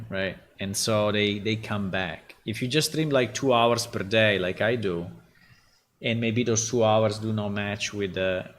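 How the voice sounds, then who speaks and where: A man's voice: on the low side, a little hiss or hum. A man, a game developer on a casual livestream, thinking aloud hesitantly with many fillers and tag questions. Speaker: game developer streaming his work.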